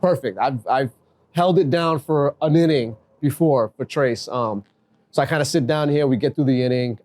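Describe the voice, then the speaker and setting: A man being interviewed on a podcast, telling a story in a loose, casual way. He keeps slipping into the voices of the people he quotes, which gives his telling an animated feel. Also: mid-range voice. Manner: animated, acts out quoted dialogue. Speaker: guest, acting baseball manager.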